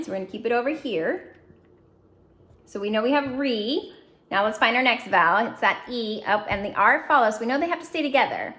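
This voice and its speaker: A woman teaching a phonics lesson, drilling syllables slowly and clearly with encouraging prompts. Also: fairly high pitch, fairly bright tone. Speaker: reading teacher. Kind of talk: phonics lesson to young students.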